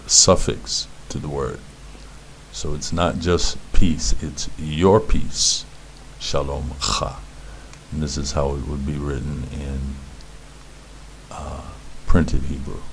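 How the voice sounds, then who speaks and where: Rumbling low and full of vocal fry, a man's voice explains Hebrew letters to beginners amid slight background noise. Patient and instructional, he keeps repeating the words and sounds.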